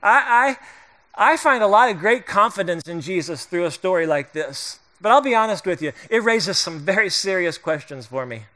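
A man's voice: sits high, lively intonation, moderate pace, pushed and bright. A middle-aged male pastor preaching a sermon in a conversational, joking way, acting out the voices of the people in the story.

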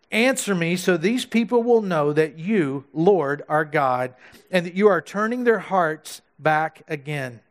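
High-voiced man preaching a lively sermon. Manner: animated storytelling, acts out quotes. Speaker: pastor.

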